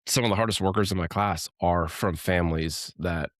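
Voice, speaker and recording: A man's voice: deep voice, normal speed, a bit bright, no room sound, studio quality. A man co-hosting a podcast in casual, reflective chat that rambles a little and often breaks into laughter. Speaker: podcast co-host.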